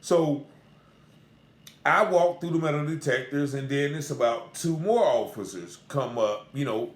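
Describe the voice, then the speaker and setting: A man's voice: fairly high pitch, unhurried. A man earnestly recounting a personal encounter in a casual, repetitive, conversational way. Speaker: storyteller. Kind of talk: casual spoken account. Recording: roomy echo.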